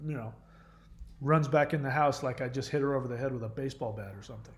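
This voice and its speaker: A man's voice: medium pitch, fairly even intonation, quick pace. A man hosting his channel, telling a long, emotional personal story in a rambling way with many fillers and restarts. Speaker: channel host.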